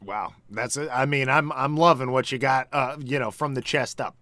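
A man's voice: medium pitch, moderate pace, sharp tone. A man co-hosting a podcast who chats casually and reacts with brief dry remarks. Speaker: podcast co-host. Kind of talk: casual chat.

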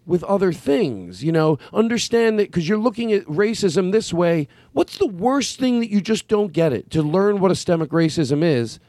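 A man's voice: high voice, very animated, normal speed, hardly any pauses, dark tone, dry recording. A man with a Philadelphia accent, hosting a casual chat, talking in a rambling, self-correcting way and swearing freely. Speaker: podcast host.

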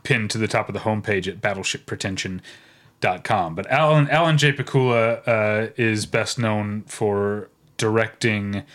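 A man's voice: on the low side, moderate pace, a bit bright. Chatty man co-hosting a podcast. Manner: chatty, rambling with fillers, breaks into brief off-key singing. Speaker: podcast co-host. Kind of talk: casual chat.

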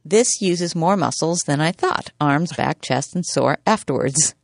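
Playful woman co-host with a lively voice. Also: deep voice, unhurried, vocal fry, no room sound, clean studio sound. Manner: playful, reads questions aloud. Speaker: co-host reading listener emails. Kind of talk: casual podcast chat.

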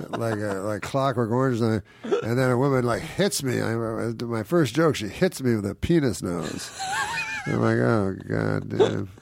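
A man's voice: mid-range voice, lively intonation, normal speed, creaky, darkish tone, dry recording. A man, a comedian, telling rambling anecdotes, chuckling often and acting out the people he quotes. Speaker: comedian guest. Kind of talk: anecdotal storytelling.

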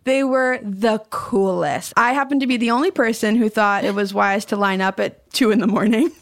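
A woman's voice: medium pitch, normal speed, no room sound, clean studio sound. A woman guest on a podcast, telling a personal story in a wry, self-amused way. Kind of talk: casual podcast chat.

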